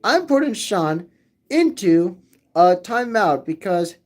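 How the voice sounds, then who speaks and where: A man's voice: high-pitched, big pitch swings, slow pace. A man hosting a livestream, rambling to his chat, repeating phrases again and again in a sing-song way. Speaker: livestream host reading chat. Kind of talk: rambling live chat with viewers.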